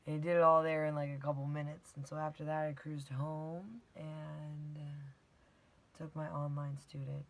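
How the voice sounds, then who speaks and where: A woman's voice: sits low, flat delivery, moderate pace, vocal fry, husky, low-quality recording. A young woman vlogger and fitness instructor, recapping her day in a rambling, casual way, swearing and often dropping into a whisper. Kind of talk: casual daily recap vlog.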